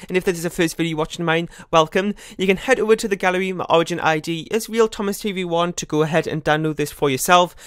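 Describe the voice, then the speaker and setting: Fast-talking young man narrating gameplay. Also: high voice, fairly bright tone, clean tone, dry recording, clean studio sound. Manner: rambling, self-correcting, laughs at own slips. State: a bit out of breath. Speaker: gaming channel host. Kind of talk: casual gameplay commentary.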